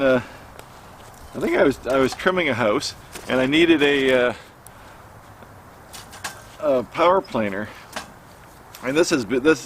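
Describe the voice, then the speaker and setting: A middle-aged man casually telling a personal story to camera, halting with many fillers and restarts, recorded outdoors. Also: medium pitch, a little hiss or hum. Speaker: outdoor cooking vlogger. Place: outdoors by a campfire.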